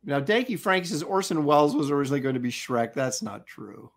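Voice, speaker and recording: A middle-aged man with a somewhat high voice talks in a casual, loose chat. He gets eager and rambles, circling back and restarting as he thinks aloud. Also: sing-song, brisk. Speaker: co-host.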